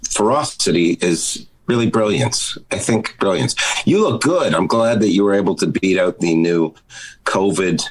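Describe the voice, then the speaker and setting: A man, a comedian guest on a video call, riffing crude deadpan bits and jumping into high-pitched put-on voices. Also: normal speed, low-quality recording. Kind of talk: riffing comic banter.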